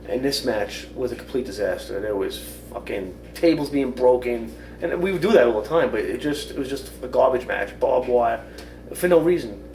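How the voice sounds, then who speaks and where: A man's voice: mid-range voice, lively intonation, normal speed, a little mellow, reverberant, recorded from a distance, slight background noise, rough recording. A man interviewed for a documentary, recalling old shows bluntly and emphatically, with some swearing. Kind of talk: candid recollection.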